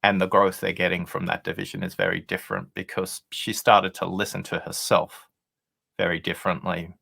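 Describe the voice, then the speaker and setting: Gravelly low-voiced man telling a story. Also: lively intonation, brisk, pushed and bright. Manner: earnest, explanatory, acts out quoted dialogue. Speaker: author and guest on a leadership show. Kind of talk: conversational storytelling. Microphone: video call.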